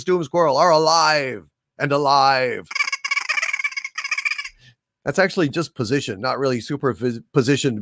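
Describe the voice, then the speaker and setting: A man's voice: medium pitch, measured pace, long pauses, background noise. An older man hosting a livestream, reading super chats aloud with grand, theatrical proclamations. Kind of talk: casual livestream chat.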